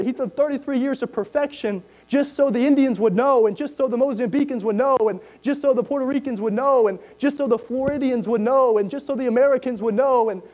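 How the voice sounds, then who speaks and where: A man with a high, mellow voice preaches with fervor and a drawl. He repeats his points again and again and slips into old scripture wording. A faint mains hum runs under the recording. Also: rough recording. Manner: fervent, repetitive preaching with scripture quoted in King James wording. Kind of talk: sermon.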